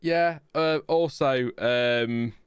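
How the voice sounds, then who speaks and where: A man's voice: mid-range voice, drawn-out words, clear, resonant tone, no room sound. A man hosting a live stream, reading out chat messages in a rambling, self-mocking way with many fillers. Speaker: podcast host reading chat.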